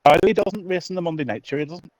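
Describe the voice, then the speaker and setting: A man's voice: fairly high pitch, fast talker, darkish tone, no room sound, poor audio. A man co-commentating an online racing league, teasing and joking with a laugh. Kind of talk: casual race commentary.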